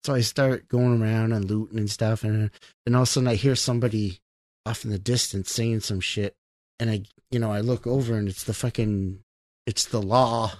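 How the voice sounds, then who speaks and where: A man's voice: on the low side, steady tone, a little fast, a little mellow, dry recording, clean studio sound. A man in casual chat, animatedly telling stories about a video game and acting out his own reactions, swearing freely. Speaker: gamer.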